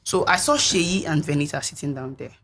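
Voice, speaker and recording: A young woman, a reality show contestant, recounting events in an interview in an earnest, reflective way, with a husky voice. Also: low voice, brisk, fairly bright tone, a little hiss or hum.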